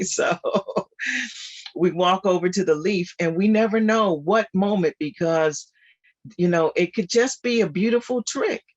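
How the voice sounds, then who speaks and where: A guest speaker delivers an informal spiritual message on a video call, talking slowly and deliberately. The delivery is animated and repetitive, with frequent laughs. The audio has a slightly dull, lo-fi quality. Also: mid-range voice.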